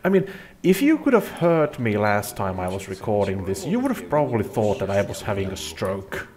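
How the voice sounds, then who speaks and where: A man's voice: fairly low pitch, wildly swooping pitch, moderate pace, a little mellow, slight background noise. A man hosting a let's play, giving rambling, self-deprecating gameplay commentary.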